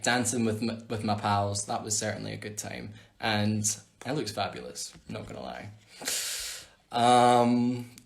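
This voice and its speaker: This man's mid-range voice has a bit of brightness to it. He's Scottish, running a relaxed live Q&A on his phone, reading out viewer questions and bantering playfully with his fans.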